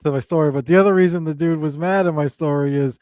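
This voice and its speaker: A man's voice: a little high, fast, warm tone, clean tone, no echo. A man with a slightly raised voice rambles through a profane story and breaks into laughter partway through his sentences. The sound is dry and close, with no room on it. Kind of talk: casual storytelling chat.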